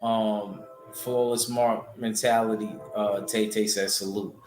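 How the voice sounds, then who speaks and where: A man's voice: on the low side, flat delivery, takes it slowly, darkish tone, roomy sound, slight background noise. A man hosting a casual boxing livestream, rambling loosely and answering his chat. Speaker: boxing show host reading chat.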